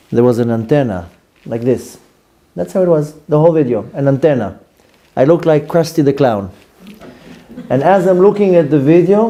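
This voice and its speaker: A man, a rabbi telling a lively story to his class and acting out his own reactions. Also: a little high. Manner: animated, acts out his own reactions in quotes.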